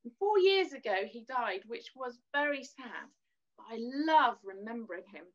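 A woman leading a gentle children's worship lesson, teaching in a soothing sing-song voice and singing simple lines for children to repeat. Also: fairly high pitch, lively intonation, normal speed. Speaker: children's church leader. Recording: dull lo-fi recording.

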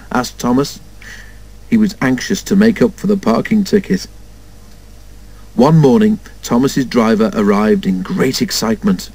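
A man reading a children's storybook aloud in an expressive way, doing all the character voices himself. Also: lowish voice, a little slow, slightly rough, rough recording. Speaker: storybook narrator.

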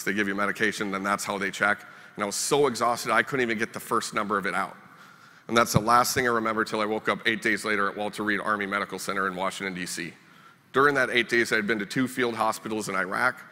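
With a fairly low voice and a sharp tone, a Minnesotan man presents a storytelling keynote marked by wry self-mockery. The recording picks up the reverb of the conference hall where he speaks.

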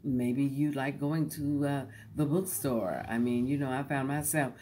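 A woman host coaching her audience on reading poems aloud, in a relaxed, folksy tone that jokes easily. She draws her words out slowly and now and then sinks into a hushed whisper. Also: very deep voice, slight background noise. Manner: slow and drawn-out, sometimes dropping to a soft whisper; folksy and joking. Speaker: host teaching poetry recitation. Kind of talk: relaxed instructional talk to an online audience.

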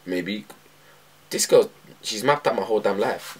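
Young lad reading aloud in a reaction vlog, low voice, animated asides, loud music bed underneath. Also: male voice, moderate pace. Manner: animated, laughing, breaks off to comment. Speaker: vlogger.

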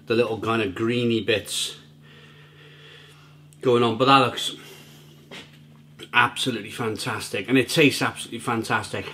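A man reviewing food for his vlog from home, chatty and rambling. His pitch sits in an ordinary middle range. He keeps stumbling over and repeating his words as he goes. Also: steady tone, moderate pace, long pauses, pushed and bright, slight background noise. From Britain. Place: at home, near the grill.

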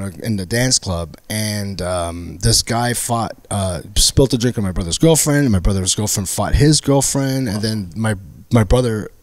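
A man's voice: lowish voice, no echo. A man guest telling wild stories in casual chat, acting out quotes and laughing often. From Canada. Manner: animated, acts out quotes, laughs a lot. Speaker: comedian guest. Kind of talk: casual storytelling.

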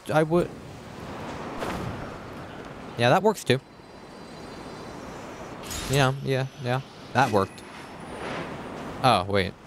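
A young man streaming a game live, muttering to himself and cursing loudly at enemies. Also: mid-range voice, noisy background. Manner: swears a lot, yells at enemies. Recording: game music behind voice.

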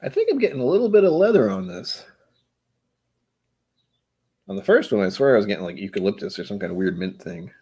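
A man's voice: fairly low pitch, big pitch swings, fairly quick, pauses often, darkish tone, breathy edge. A man hosting a whiskey tasting stream, rambling and joking as he talks to his chat. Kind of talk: casual live-stream chat.

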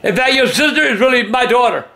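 An older man who yells and curses at a video game he is playing, ranting in angry outbursts. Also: extremely high pitch, expressive, fast talker, gravelly, reverberant. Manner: cursing, yelling and ranting.

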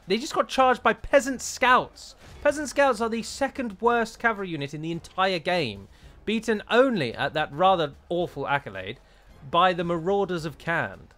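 Animated, sweary British gamer. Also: male voice, high-pitched, moderate pace. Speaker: strategy game let's-player. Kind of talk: gameplay commentary.

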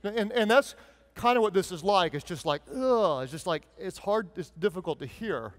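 Pendeta pria bersuara tinggi dan menggema. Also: male voice, sits high, expressive, moderate pace. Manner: sarcastic then earnest, emphatic preaching. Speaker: pastor. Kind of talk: sermon. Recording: long hall reverb.

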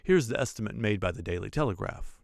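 Brief: assured gentleman reciting figures, read by a male narrator; gravelly. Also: on the low side, lively intonation, no room sound, clean studio sound. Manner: measured, listing.

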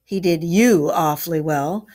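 A woman voices a stern, indignant storybook badger, scolding hotly and firmly. Her voice rises higher and more forceful for him. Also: measured pace. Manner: hot, scolding. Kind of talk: storybook read-aloud.

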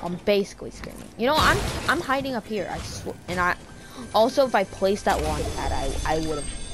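A woman's voice: mid-range voice, a little fast, music in the background. A woman streaming a shooter game in casual commentary, yelping and exclaiming as she plays at home. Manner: excitable, yelps and exclaims mid-game. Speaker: gamer streamer. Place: home room.

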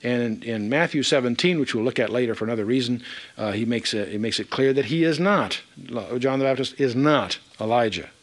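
A man's voice: medium pitch, brisk. A man giving a verse-by-verse Bible teaching, reading scripture aloud with emphatic asides.

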